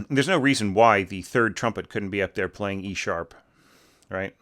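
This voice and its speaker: Reviewing an orchestral score, a male orchestration teacher rambles casually, leaning on many fillers and humming phrases aloud as "bum bum." He speaks at an unhurried pace in a fairly low, fairly bright voice.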